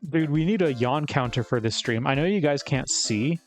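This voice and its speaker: A man's voice: on the high side, lively intonation, moderate pace, soft background music. A sleepy male streamer chatting casually and chuckling between asides. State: sleepy, yawning. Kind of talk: casual live-stream commentary while reading game dialogue.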